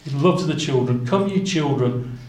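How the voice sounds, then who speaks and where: A man's voice: a little high, normal speed, a little mellow, reverberant, rough recording. A man preaching a sermon, earnest, quoting scripture in old-fashioned wording and addressing the congregation as brothers and sisters.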